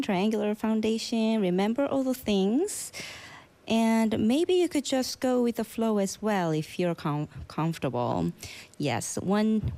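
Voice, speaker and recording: A woman yoga instructor gently coaching a student through a headstand, encouraging her step by step. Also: medium pitch, dry recording.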